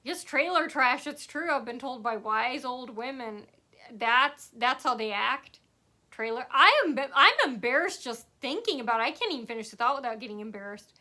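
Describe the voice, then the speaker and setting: A woman's voice: fairly high pitch, expressive, normal speed, bright, forceful tone. A woman telling a rambling personal story to camera, sarcastic and full of fillers and asides. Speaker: vlogger.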